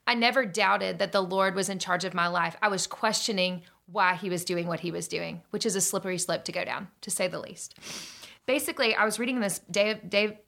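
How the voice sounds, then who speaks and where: A woman's voice: medium pitch, creaky. A woman in her thirties telling an earnest personal faith story, acting out what people said. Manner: earnest, animated, acts out dialogue. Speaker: storyteller sharing a faith testimony. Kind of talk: personal testimony, casual storytelling.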